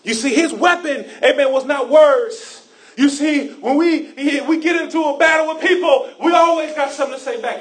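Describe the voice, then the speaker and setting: A man preaching a sermon with grammar, repeating "amen" often and swinging from quiet storytelling to loud shouts. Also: extremely high pitch, moderate pace, distant mic. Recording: echoey room.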